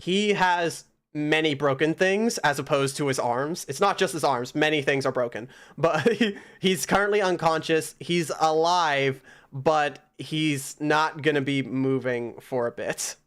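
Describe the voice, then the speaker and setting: A man's voice: a little high, unhurried, few pauses, a bit bright, clean tone. A man narrating a tabletop game as game master, in casual speech full of fillers.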